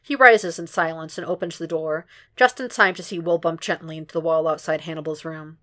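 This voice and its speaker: Woman reading fan fiction aloud, steady. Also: low-pitched, a little fast. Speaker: podfic reader.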